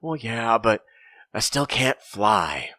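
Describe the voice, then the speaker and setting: A man's voice: high-pitched, very animated, takes it slowly, bright, forceful tone, no room sound, heavily acted. A man voicing a mopey male rhino who longs to fly, in a storytelling talk. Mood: glum. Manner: mopey, then earnest.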